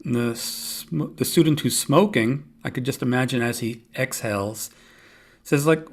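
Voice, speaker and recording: A man hosting his own podcast, explaining yoga and mindfulness in a calm, measured teaching voice with gentle humor. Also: medium pitch. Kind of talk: solo podcast talk.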